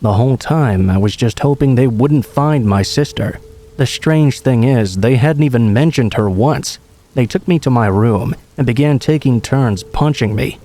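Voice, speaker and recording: A man reading a true horror story aloud as a scripted narration, in a calm, steady storytelling manner. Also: mid-range voice, normal speed.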